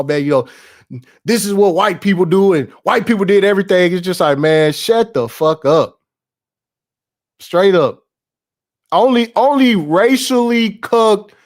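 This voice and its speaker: A young man hosting a casual stream, ranting in heavy slang with lots of swearing, repeats and laughs. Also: high-pitched. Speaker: podcast host. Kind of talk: casual livestream rant.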